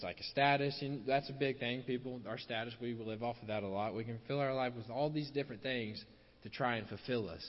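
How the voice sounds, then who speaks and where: A man preaching a sermon, repeating key phrases for emphasis and dropping softer at the end of his points. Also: mid-range voice. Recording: dull lo-fi sound with long hall reverb.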